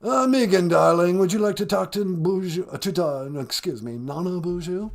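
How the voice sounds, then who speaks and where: A man's voice: high-pitched, moderate pace, vocal fry. A man voicing a stiff, fussy aristocratic husband with a prim, posh delivery, in a comic phone-call skit.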